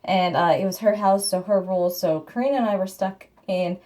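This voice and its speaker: A woman's voice: medium pitch, steady tone, a little fast, dark tone. A woman who is a mother, talking casually at home in a vlog, venting and acting out people in her stories. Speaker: vlogger and mother. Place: at home, indoors.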